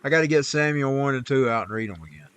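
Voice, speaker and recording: Quick and lively, his mid-range voice sounds fairly bright and clean. As he plays on stream, he rambles casually and folksily about faith and the Bible, slipping in preachy asides.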